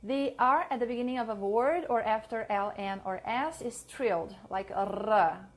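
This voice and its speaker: A young woman teaching a pronunciation lesson, reading each example word slowly and carefully, often repeating it. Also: a little high, slight background noise. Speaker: language teacher.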